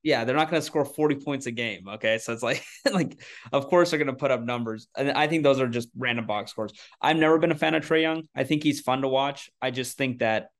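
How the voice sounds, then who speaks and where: A man riffing loosely on a sports podcast, often circling back and restarting his thoughts and poking fun at himself. His voice has an average, middle pitch for a man. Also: a little fast, few pauses. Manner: rambling and self-deprecating, with frequent restarts. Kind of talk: casual sports chat.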